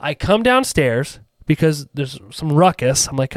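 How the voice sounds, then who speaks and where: A man's voice: mid-range voice, moderate pace, no room sound, studio quality. A man telling a long rambling anecdote in casual podcast chat, full of asides and restarts. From rural US.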